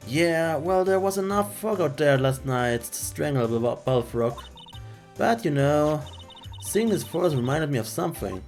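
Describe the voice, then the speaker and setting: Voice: medium pitch, lively intonation, normal speed, faint music behind, natural voice. A streamer voicing a brash female photographer with a put-on Southern drawl, reading game dialogue aloud. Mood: sassy. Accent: American Southern. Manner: folksy, sassy, loud.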